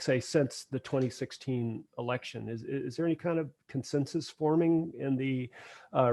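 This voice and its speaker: Brief: male interviewer, halting and searching for words, mid pitch. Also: a little mellow. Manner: halting, many fillers and restarts. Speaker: podcast host. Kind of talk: podcast interview questions.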